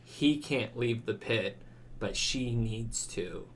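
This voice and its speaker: A man's voice: mid-range voice, slow, gravelly, fairly bright tone, a little hiss or hum. A man co-hosting a casual podcast chat, talking in a rambling way with lots of "like" fillers. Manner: rambling, many "like" fillers, acts out quoted lines. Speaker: podcast co-host.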